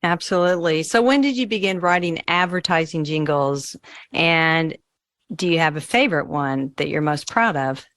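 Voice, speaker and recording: Low-pitched female host, affirming questions. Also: expressive, normal speed, a bit bright, no echo. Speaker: show host. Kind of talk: radio interview hosting.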